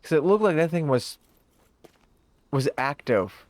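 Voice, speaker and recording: A game streamer chatting through a live session, reading item text aloud and cracking up at it. The talk is slow and unhurried while the pitch swings widely. The voice sits close and dry on the mic. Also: very animated, dry recording. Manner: reads in-game text aloud, laughs easily, thinks out loud. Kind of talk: casual live-stream commentary.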